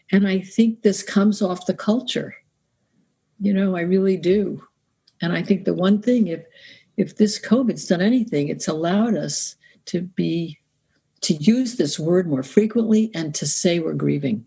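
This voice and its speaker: Husky, gravelly-voiced woman speaking calmly. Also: fairly low pitch. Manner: calm, measured, reflective. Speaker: grief counselor guest. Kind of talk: conversational podcast interview.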